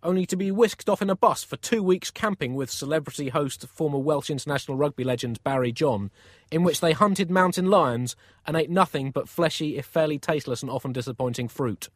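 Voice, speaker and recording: A man co-hosting a comedy podcast, reading scripted satirical news in a deadpan, wordy style. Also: fairly high pitch, fairly quick, few pauses, no echo, studio quality.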